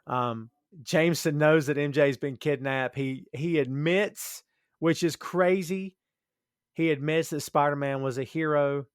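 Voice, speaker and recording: A man's voice: a little high, steady tone, unhurried, smooth, no room sound, clean studio sound. A man cohosting a casual podcast, agreeable and chatty, often saying "man" and "dude".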